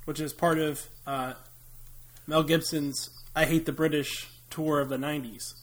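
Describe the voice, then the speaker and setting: A young American man talks movies on a casual podcast, rambling through jokey asides. His voice sits a little high, and he laughs often as he goes. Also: flat delivery, unhurried. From United States. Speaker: podcast co-host.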